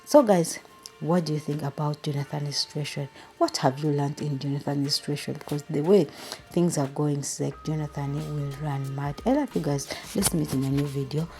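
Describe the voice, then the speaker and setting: A woman hosting a movie review channel, recapping a drama series in an animated, emotional way and speaking straight to her viewers. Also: low-pitched, normal speed, over music.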